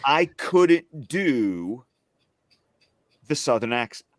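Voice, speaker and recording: A man's voice: mid-range voice, very animated, very slow, no room sound, clean studio sound. A man from the US South chatting casually on a panel, rambling through stories in a trained, neutral stage voice. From Alabama, US South. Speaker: film podcast panelist.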